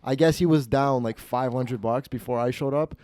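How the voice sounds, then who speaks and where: A young man hosting a podcast, telling a story in an animated, profane, casual way with many restarts. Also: mid-range voice, moderate pace, no room sound, studio quality. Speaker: host. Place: podcast studio.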